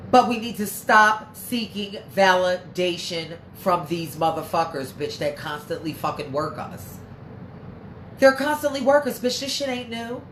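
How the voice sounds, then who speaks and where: A woman's voice: medium pitch, animated, a little slow, a bit bright. A woman hosting a casual livestream, reading viewer comments and talking bluntly and profanely with heated emphasis. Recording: echoey room with faint background noise.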